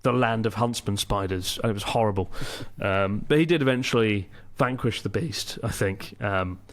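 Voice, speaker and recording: A man's voice: fairly low pitch, normal speed. A man hosting a casual podcast chat, telling stories with enthusiasm and plenty of swearing. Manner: swears freely, enthusiastic storytelling. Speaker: podcast host.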